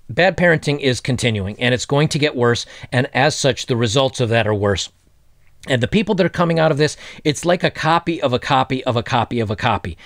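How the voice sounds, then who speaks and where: A man's voice: mid-range voice, dry recording, studio quality. A man hosting his own dating commentary vlog, talking casually with crude jokes and laughing at himself. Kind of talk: casual monologue.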